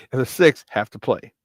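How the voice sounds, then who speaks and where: A man of middle pitch hosts a casual sports talk show, excitable and prone to saying things twice. He rattles off stats in quick lists and sounds dry and close, with no room around him. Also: no echo. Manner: excitable, repeats phrases for emphasis; reads stat lines off in quick lists. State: doing burpees while talking.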